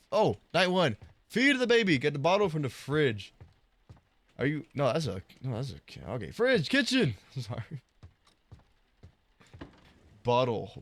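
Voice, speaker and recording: A man giving casual, excitable let's-play commentary, laughing often and cooing at a game baby in a higher voice. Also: dry recording. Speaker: gaming YouTuber.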